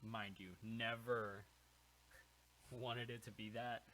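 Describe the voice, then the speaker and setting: A man's voice: mid-range voice, flat delivery, slow pace, bright, forceful tone, slight background noise, poor audio. A young man, a musician guest on a podcast, reminiscing in an easygoing, casual chat.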